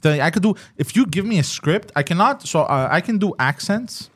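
Joking man with a lifted pitch. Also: lively intonation, fairly quick, husky. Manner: joking, laughs often, says bro. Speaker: podcast host. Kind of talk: casual chat.

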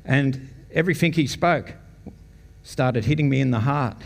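A man's voice: mid-range voice, moderate pace, creaky. Australian man, mid-range voice, chatty testimony-style storytelling to a church crowd, long hall reverb. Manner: conversational storytelling, chuckles often. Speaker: church guest speaker. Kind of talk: personal testimony to a congregation.

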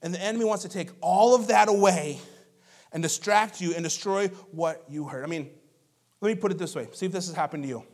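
A man in his thirties preaching a sermon as a pastor, telling stories in a lively, conversational way with asides to the congregation. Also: high-pitched, fairly quick.

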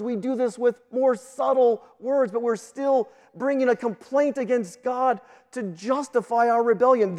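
Guy preaching a sermon, really high voice, repeats himself when he starts a line, echoey church hall. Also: a little mellow. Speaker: guest pastor.

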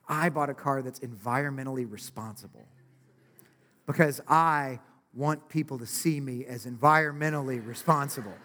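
A man preaches a sermon conversationally, frequently tossing in "right?" and acting out quotes. His medium-pitched voice is bright and forceful at a moderate pace, with the long reverb of a large hall around it.

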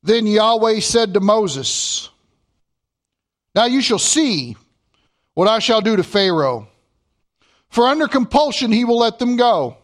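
Man, preacher, emphatic sermon delivery, lively up-and-down pitch. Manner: emphatic, slows way down to read scripture. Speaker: pastor.

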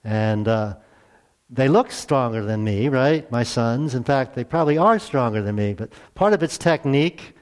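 A middle-aged man preaching a sermon to his congregation, conversational and earnest, asking rhetorical questions and swinging between hushed asides and emphatic raised lines. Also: mid-range voice, expressive, moderate pace. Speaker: pastor.

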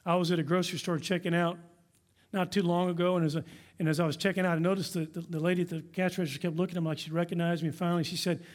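A man's voice: a little high, little pitch movement, fast talker. A man preaching a sermon as pastor in a church, earnest and exhorting his congregation. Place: church sanctuary.

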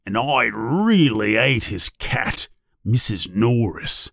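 A man voicing a big, gruff, kindly male gamekeeper in a storybook reading, hesitant and hemming. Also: medium pitch, sing-song, slow pace, dry recording, studio quality, exaggerated voice. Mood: angry. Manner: hesitant, with filler sounds.

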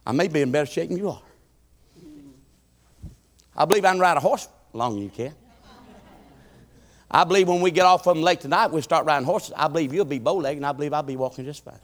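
A man, preaching a sermon in church, swinging between shouted appeals and low, folksy asides. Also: quick pace, pauses often. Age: 50s. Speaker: pastor.

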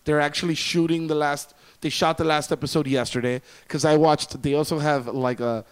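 A man's voice: a little high, fairly even intonation, normal speed, clear, resonant tone. A man chatting casually as a guest on a podcast, enthusiastic and rambling with lots of fillers. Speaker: guest reviewer.

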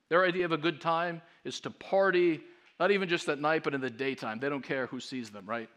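Pastor, male, fairly high voice, emphatic sermon delivery with rhetorical questions. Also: brisk, a bit bright.

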